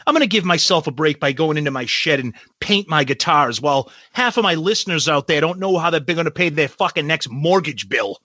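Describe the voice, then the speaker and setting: A man's voice: fairly high pitch, expressive, brisk, hardly any pauses, sharp tone, dry recording. A man co-hosting a podcast, ranting sarcastically with plenty of profanity. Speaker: podcast co-host. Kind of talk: casual chat.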